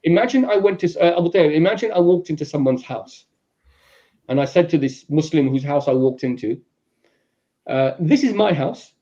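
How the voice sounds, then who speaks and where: A man with a London accent speaks at length on a podcast, moving from steady explanation into animated, acted-out quotes. His voice sits a bit high for a man yet sounds dark and mellow. The recording is slightly dull. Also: normal speed. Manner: animated storyteller, acts out quoted people in raised voices. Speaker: guest speaker. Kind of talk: podcast discussion, lecturing.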